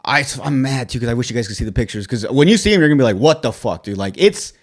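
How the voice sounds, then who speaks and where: A podcast co-host recounts a frustrating episode in casual chat, swearing heavily and quoting both sides of the exchange in an exasperated tone. His medium-pitched voice has lively intonation and a quick pace.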